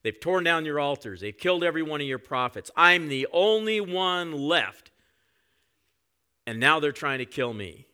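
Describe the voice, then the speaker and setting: A man's voice: medium pitch, normal speed, a bit bright, voice pushed up, close to an everyday voice. A man voicing a weary adult prophet who complains in a whining, rising voice.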